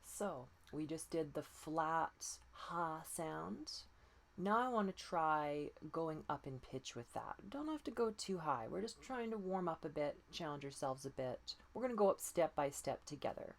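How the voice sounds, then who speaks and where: A woman voice coach leading breathing and pitch exercises, patient and encouraging, often demonstrating breathy sighs. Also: sing-song, a little slow. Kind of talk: guided voice exercise lesson.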